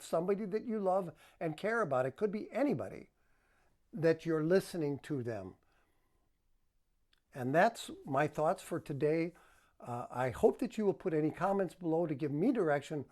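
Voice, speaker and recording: A man's voice: fairly high pitch, darkish tone. A man working as a relationship counselor, giving advice to the camera in a coaching manner and acting out example tones of voice.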